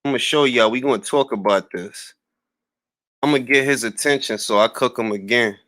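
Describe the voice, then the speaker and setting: A man in the middle of a fired-up livestream rant, trash-talking with scornful laughs and shout-outs to his chat. His voice sits at an ordinary pitch and sounds close and dry, with no room around it. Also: moderate pace, no room sound. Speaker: boxing talk show host. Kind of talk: livestream commentary, greeting chat.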